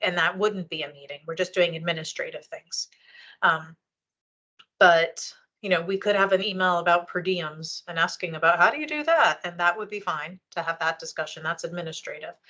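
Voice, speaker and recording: Bright-voiced woman explaining at a meeting. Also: fairly low pitch, moderate pace, muffled recording. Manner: explanatory, conversational, with frequent ums and restarts. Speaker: meeting chair, library official. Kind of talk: public board meeting discussion.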